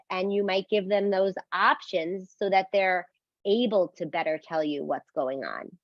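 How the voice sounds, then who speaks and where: A parenting educator calmly and clearly explains parenting skills, often checking in with a quick "right?" and acting out sample phrases for parents. Her voice is mid-range with no echo, in a dry, slightly dull, lo-fi recording.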